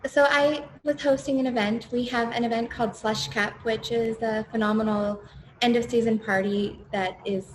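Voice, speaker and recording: A woman on a panel telling a personal story, animated in her delivery. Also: on the high side, normal speed. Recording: echoey room with faint noise.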